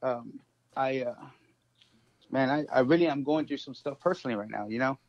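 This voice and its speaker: A man sharing a personal struggle in a halting, emotional way, full of fillers, on a phone. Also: medium pitch, no room sound. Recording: dull dry phone audio.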